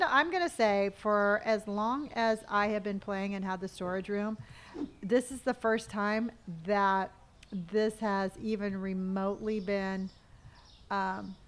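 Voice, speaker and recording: A woman's voice: mid-range voice, unhurried. A middle-aged woman from California, streaming a game live, chatting casually, reading viewer comments aloud and muttering to herself as she plays. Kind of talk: casual live-stream chat while gaming.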